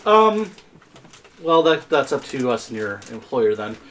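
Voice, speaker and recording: Guy player haggling, bouncy voice, bright and a bit gravelly. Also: mid-range voice, very animated, measured pace. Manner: bargaining in character, joking. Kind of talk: casual game chat.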